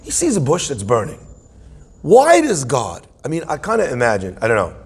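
A man's voice: medium pitch, huge pitch swings, normal speed, husky. A man teaching a humorous Torah class in a playful, musing way, full of self-deprecating asides.

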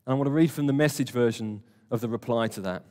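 Here a preacher talks quickly, his mid-range voice slightly dark in tone. His sermon is chatty and emphatic, peppered with humorous asides for the live congregation. Long hall reverb fills the recording from the warm church hall.

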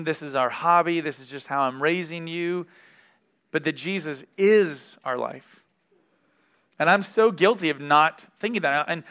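Smooth-voiced man teaching the Bible. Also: fairly high pitch, sharp tone. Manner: candid, reads scripture aloud between remarks.

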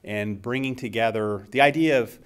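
Low-voiced man giving a relaxed seminar talk. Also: moderate pace, clear, resonant tone. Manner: conversational, frequent uh and um fillers. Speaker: invited scientist speaker.

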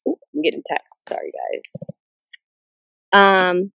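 A young woman in her twenties with a bit of a cold, chatting excitedly on a livestream and answering viewer comments. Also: mid-range voice, slow pace, vocal fry, dry recording. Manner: bubbly, excitable, jumps between viewer shoutouts. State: stuffed up with a cold. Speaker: livestream host. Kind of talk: casual livestream chat reading comments. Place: in a car. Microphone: phone camera.

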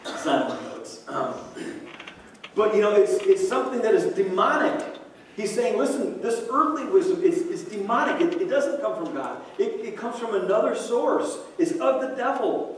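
Pastor preaching in an echoey church. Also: male voice, high-pitched, sing-song, moderate pace, slight background noise. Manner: conversational preaching with repeated restarts and asides. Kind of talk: sermon. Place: church sanctuary. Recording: echoey room, mic from a distance.

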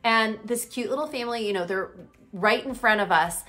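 A woman's voice: a little high, brisk, bright, forceful tone. Chatty upbeat woman telling a story. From Utah. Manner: chatty, upbeat, fillers like "literally" and "you know". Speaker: real estate agent and coach. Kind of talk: casual storytelling to camera.

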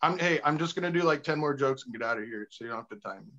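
A man's voice: mid-range voice, expressive, rapid-fire, pushed and bright. A man doing a stand-up set in a small bar, laughing at his own jokes and acting out voices. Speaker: stand-up comedian. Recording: dull lo-fi club recording.

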